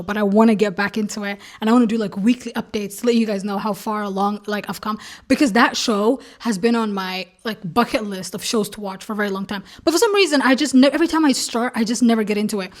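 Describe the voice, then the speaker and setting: A young woman vlogging in casual chat, ranting animatedly with lots of fillers and laughing asides. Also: medium pitch.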